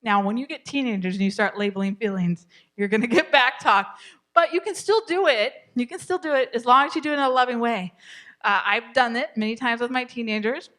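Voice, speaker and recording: A middle-aged woman teaching a parenting class in a church, chatty and laughing, sometimes dropping to a soft whisper to show a calm tone. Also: a little high, brisk. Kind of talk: live class talk.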